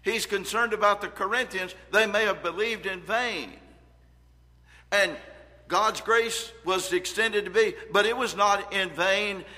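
A man preaching a sermon in a bright, forceful voice pitched a little high. He reads scripture with earnest emphasis, rising and dropping in volume. A long reverb trails his words through the hall.

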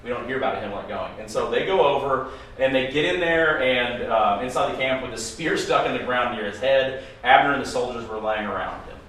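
A man casually leading a Bible study discussion, animated and acting out quotes in playful voices. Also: mid-range voice, brisk. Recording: echoey room from far off with faint ambience.

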